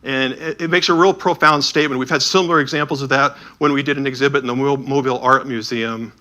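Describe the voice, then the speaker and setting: A man giving a talk, telling lively anecdotes with quick asides and acting out the people in them. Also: mid-range voice. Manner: animated anecdotal storytelling with asides. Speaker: speaker touring with a Bible edition. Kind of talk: storytelling talk.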